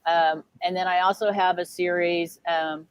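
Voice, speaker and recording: A woman's voice: on the low side, little pitch movement, normal speed, clear, resonant tone, dry recording, muffled recording. A middle-aged woman, a children's author, chatting casually on a video call from a small RV, with lots of fillers and laughs. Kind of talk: casual livestream chat. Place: small RV with pets.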